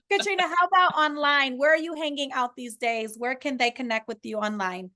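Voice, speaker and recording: A woman's voice: sits high, moderate pace, sharp tone. A woman hosting a faith-minded podcast, encouraging her guest and closing with affirmations. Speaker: podcast host. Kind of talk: podcast interview and sign-off.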